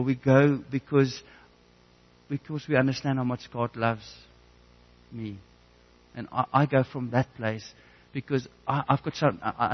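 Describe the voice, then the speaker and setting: A man delivers a sermon earnestly, weaving in a personal testimony. He stumbles often, repeating words as he restarts sentences. His pitch sits in the middle, and the recording sounds a little dull.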